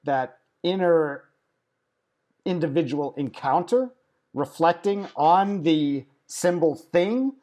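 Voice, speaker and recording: A man hosting a conversation from his own house. He thinks aloud in a reflective way, with a fairly high voice. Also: slow, a little mellow. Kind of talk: casual conversation.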